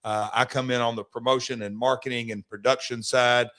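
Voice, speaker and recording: A middle-aged man from Nashville, a wrestling promoter talking as a guest on a sports radio show, telling stories in lively promoter's patter with frequent restarts. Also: medium pitch, fairly quick. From Nashville, Tennessee. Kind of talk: radio sports talk interview.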